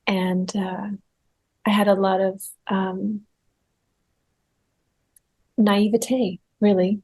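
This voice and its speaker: A woman guest telling her spiritual birth story in a podcast interview. She speaks earnestly and reflectively, and grows animated when she relives her fear. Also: mid-range voice, extremely slow, slightly rough. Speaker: guest medium.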